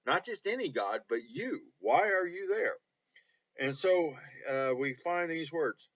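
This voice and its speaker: A pastor leading a Bible study, speaking earnestly with many pauses and reading scripture with feeling. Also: male voice, medium pitch, a bit bright, lo-fi sound. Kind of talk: online Bible study teaching.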